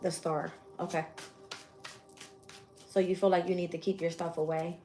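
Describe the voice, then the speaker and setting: A woman's voice: fairly low pitch, little pitch movement, moderate pace, warm tone, faint music behind. A woman doing a casual live-stream tarot reading, blunt and swearing freely as she thinks aloud and names each card she draws. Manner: shuffles and names cards aloud. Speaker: tarot reader.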